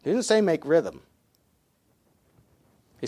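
A middle-aged pastor preaches in a loose, conversational way, full of fillers and restarts. He counts out beats aloud as he goes. His voice sits a little high for a man. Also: measured pace. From Mennonite community. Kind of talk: sermon.

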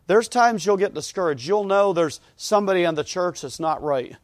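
A man preaches with earnest conviction, his fairly high voice building in emphasis as he repeats key phrases. The sound is dry and close, with little room echo. He speaks as a pastor addressing his congregation. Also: animated, normal speed, hardly any pauses. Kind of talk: sermon. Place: church.

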